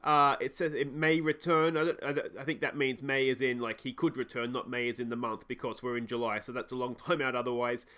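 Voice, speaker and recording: A man's voice: mid-range voice, level tone, fairly quick, few pauses, bright, forceful tone. An Australian man hosting a let's play, chatting casually through game commentary with frequent ums and uhs.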